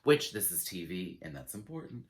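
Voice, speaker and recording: A man giving a casual, sassy review of a show, acting out quotes in dramatic voices and laughing often. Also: normal speed. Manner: sassy, animated, acts out quotes with big pitch jumps.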